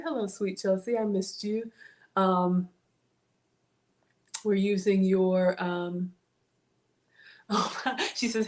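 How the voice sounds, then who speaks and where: A woman's voice: medium pitch, steady tone, takes it slowly, long pauses, darkish tone. A woman hosting a casual live cooking stream, playful and theatrical, breaking into gasps and whispered asides. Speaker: home cook and live-stream host.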